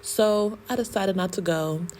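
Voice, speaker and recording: A woman's voice: mid-range voice, a little slow, a little mellow, a little hiss or hum. A woman from the United States talking casually to her viewers in a travel vlog, laughing often and using slang. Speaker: travel vlogger.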